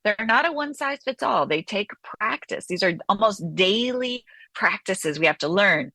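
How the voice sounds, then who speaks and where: A woman therapist talking as an interview guest, animated and acting out inner voices as she explains. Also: medium pitch, moderate pace, no room sound. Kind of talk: conversational interview.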